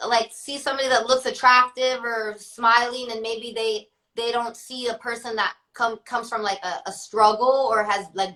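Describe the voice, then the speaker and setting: A woman's voice: a little high, bright, forceful tone, rough recording. A young woman rapper chatting as an interview guest, laughing often and filling her talk with "like". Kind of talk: casual interview.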